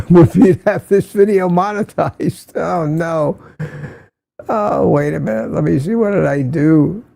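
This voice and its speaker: Older male host, casual live-stream chatter, friendly roll-call of viewers, mellow tone, dry close sound. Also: on the high side, a little slow, vocal fry, no echo. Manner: chatty, greets viewers by name, laughs often.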